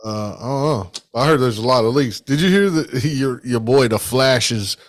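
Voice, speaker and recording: A man's voice: medium pitch, normal speed. A man co-hosting a casual comedy podcast, bantering in a joking, slangy, crude way. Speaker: podcast co-host.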